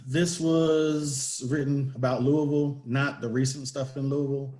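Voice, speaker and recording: A man raised in England, chatting and then reading his own poem aloud in a measured, deliberate way. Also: medium pitch, flat delivery, mellow. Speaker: poet. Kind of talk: casual chat and poetry reading. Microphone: video call.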